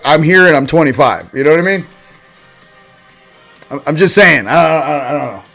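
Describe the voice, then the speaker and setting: A man hosting a spiritual livestream in casual chat, rambling and joking and swinging between loud bursts and quiet asides. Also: on the high side.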